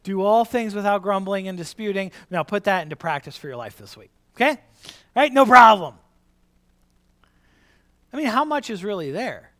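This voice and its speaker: Animated male preacher, higher voice. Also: brisk. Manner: animated, repeats lines for the congregation; conversational, many restarts and asides. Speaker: pastor. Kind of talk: sermon.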